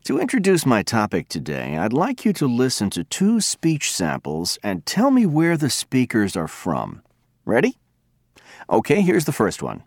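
A man giving a scripted lecture, speaking clearly and deliberately, with slow spoken examples. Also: medium pitch, huge pitch swings, dry recording, clean studio sound. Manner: clear, deliberate, demonstrates pronunciation.

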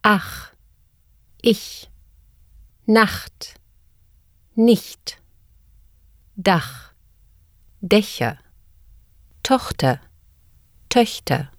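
A woman reading single words slowly and deliberately as a pronunciation model. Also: mid-range voice, very animated, dry recording, studio quality. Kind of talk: slow word-by-word pronunciation drill.

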